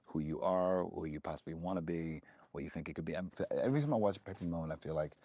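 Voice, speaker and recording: A man's voice: low voice, fast talker, mellow, breathy edge, no room sound. A man who is an actor, a guest in a casual film discussion, talking thoughtfully with many restarts and "I think".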